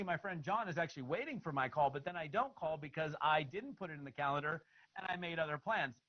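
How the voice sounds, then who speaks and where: Animated man teaching follow-up calls. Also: a little high, lo-fi sound. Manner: animated, acts out both sides of phone calls. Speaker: network marketing trainer. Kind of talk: instructional talk.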